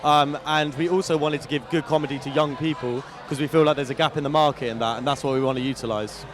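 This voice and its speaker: Eager male comedian, fairly high voice. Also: steady tone, fast, crowd noise. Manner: eager, with lots of fillers and laughter. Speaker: comedian and company co-founder. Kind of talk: casual interview answers.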